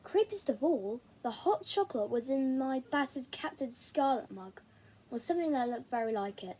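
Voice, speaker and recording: A woman reading a children's novel aloud in an expressive, animated way. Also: high voice, moderate pace, slightly rough. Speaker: reader.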